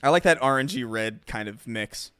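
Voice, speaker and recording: A man's voice: mid-range voice, animated, normal speed, fairly bright tone, clear, resonant tone, no echo. A young man streaming games, chatting casually, joking and swearing with frequent restarts. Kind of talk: casual gaming-stream chat.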